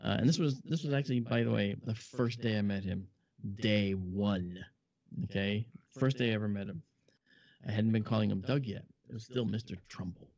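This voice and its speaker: Gravelly man telling lively anecdotes. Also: on the low side, normal speed, no room sound. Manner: chatty, animated, lots of asides. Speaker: guest, film model maker. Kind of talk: anecdotal storytelling. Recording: dull lo-fi audio.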